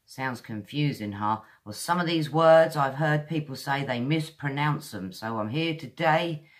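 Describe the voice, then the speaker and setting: A woman from England with a modern English accent, teaching pronunciation in a chatty video lesson and slowly repeating sounds to demonstrate them. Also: very deep voice. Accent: modern southern English.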